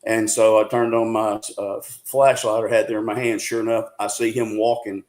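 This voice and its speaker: An older man in his sixties with a Southern Arkansas drawl, chatting as an interview guest. His voice sits fairly low, and he talks in a rambling, neighborly way full of friendly asides. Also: level tone, moderate pace, darkish tone, poor audio. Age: 60s. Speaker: guest, Bigfoot researcher. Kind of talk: casual interview talk.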